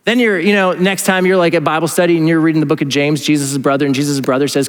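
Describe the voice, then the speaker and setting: A man's voice: a little high, racing, hardly any pauses, clear, resonant tone, long reverb tail. A male pastor preaching a sermon in a casual, conversational way, acting out imagined inner voices. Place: church.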